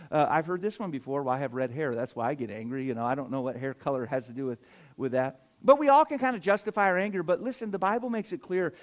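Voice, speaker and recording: A middle-aged man, a pastor preaching a sermon, swinging between loud emphatic surges and quiet asides. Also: on the high side.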